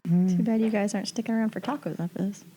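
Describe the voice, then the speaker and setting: A woman's voice: mid-range voice, steady tone, quick pace, background noise. A woman co-hosting a podcast in casual chat, bantering and teasing her co-hosts. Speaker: podcast co-host.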